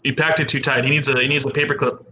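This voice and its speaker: A man's voice: mid-range voice, little pitch movement, very fast, sharp tone, slight background noise, poor audio. A man hosting a casual livestream chat with friends, rambling and repeating words as he talks. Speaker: livestream host.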